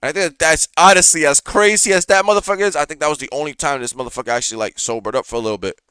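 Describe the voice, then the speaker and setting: A man's voice: a little high, very fast, clean tone, no echo. A man hosting a reaction show, ranting in casual, profane commentary with lots of fillers, recorded close on a studio mic. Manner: profane, animated rant with frequent fillers.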